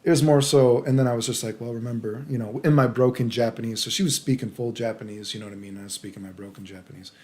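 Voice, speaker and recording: A man's voice: mid-range voice, fairly even intonation, fast, hardly any pauses, a little mellow. A man from the United States telling a story in a casual vlog, rambling and crude, peppering his talk with "dude" and "right?".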